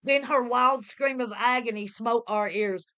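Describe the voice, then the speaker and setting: A woman's voice: a little high, a little slow, bright, forceful tone, clean tone. A woman giving a vivid, dramatic reading of a pulp horror story. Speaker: reader.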